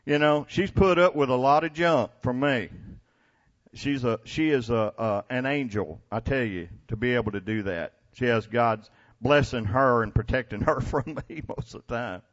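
A man's voice: mid-range voice, moderate pace, dull audio. A man, preaching a sermon to his congregation in a folksy, storytelling way, often laughing and restarting his words. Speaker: pastor. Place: church before a congregation.

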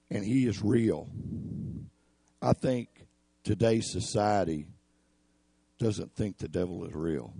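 A man with a raspy voice preaching a sermon in an earnest, emphatic way. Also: fairly low pitch, mellow, no room sound. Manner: earnest, emphatic, addresses listeners as y'all.

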